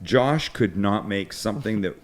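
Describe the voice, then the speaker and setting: A man's voice: fairly low pitch, animated, moderate pace. Chatty middle-aged man hosting. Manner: chatty, swears, tells funny stories. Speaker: host. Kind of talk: casual kitchen chat.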